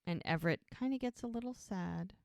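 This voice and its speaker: A woman co-hosting a casual podcast recaps each scene by acting out and quoting the characters' lines. Her mid-range voice is gravelly and a little mellow, and she speaks fairly quickly. The sound is dry and close, with no echo.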